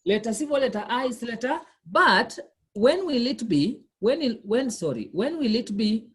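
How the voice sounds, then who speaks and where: A language tutor with a fairly high, sing-song, slightly rough voice speaks at a moderate pace. In a one-on-one lesson, she patiently repeats questions and quizzes her learner while explaining.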